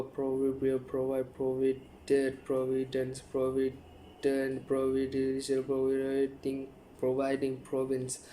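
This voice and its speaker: Flat monotone man reading words. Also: mid-range voice, a little hiss or hum, poor audio. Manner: flat, monotone listing with stumbles. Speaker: YouTuber. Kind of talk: reading word list aloud.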